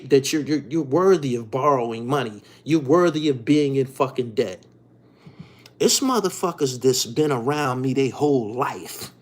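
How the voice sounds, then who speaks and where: Husky guy ranting hard, voice jumps all over, cussing nonstop. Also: medium pitch. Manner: profane, repetitive, heated, keeps asking "you dig". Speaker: podcast host. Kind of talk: ranting monologue.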